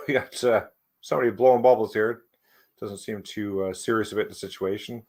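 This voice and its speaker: A man's voice: fairly low pitch, steady tone, moderate pace, a little mellow. A man hosting a casual comic book breakdown, laid-back and laughing often. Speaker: comic review host.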